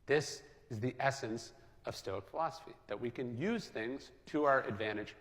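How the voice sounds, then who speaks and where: A man calmly explaining ideas and checking in with his listeners. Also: mid-range voice, long reverb tail. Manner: measured, explaining, checks in with "right?". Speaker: speaker on philosophy. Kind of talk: explanatory talk.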